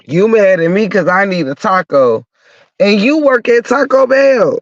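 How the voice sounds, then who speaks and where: A man's voice: high-pitched, sing-song, unhurried, no echo. A man with a stuffy nose from a cold, ranting bluntly and cursing through a heated story as a podcast host. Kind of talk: profane comic rant. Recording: dull lo-fi dry sound.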